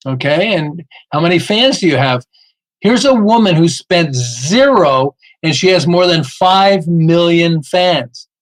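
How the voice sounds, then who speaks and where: A man's voice: sits high, poor audio. A man telling marketing stories in a podcast interview, emphatic and often asking "okay?" as he acts out little dialogues. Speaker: podcast guest, marketing author. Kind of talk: animated storytelling interview.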